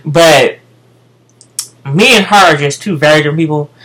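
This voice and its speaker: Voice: medium pitch, normal speed, a bit bright, low-quality recording. An American speaker telling a casual storytime rant to viewers, profane and emphatic, often repeating phrases. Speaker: vlogger.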